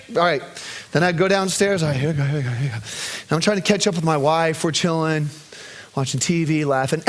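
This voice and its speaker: A high-voiced man preaching as a pastor tells a personal story in sermon storytelling. He is animated, swinging between loud bursts and hushed, gentle reciting.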